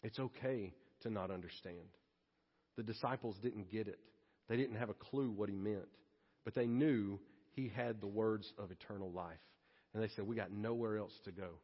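A man's voice: lowish voice, normal speed, husky. A man, preaching a sermon to his congregation in a church in a conversational, joking way. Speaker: pastor. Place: church sanctuary. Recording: reverberant hall, slightly muffled.

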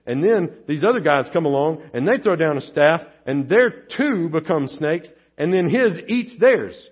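A man's voice: fairly high pitch, lively intonation, moderate pace, slightly rough. A man preaching a sermon as pastor, conversational, with frequent "all right?" and "right?" asides. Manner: conversational, rhetorical tag questions. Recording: dull lo-fi church audio.

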